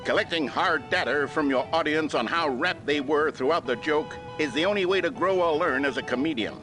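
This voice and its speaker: A man's voice: fairly high pitch, lightly acted. A man voicing an upbeat, mock-authoritative narrator of an old instructional video. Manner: brisk, cheery, mock-authoritative. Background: music.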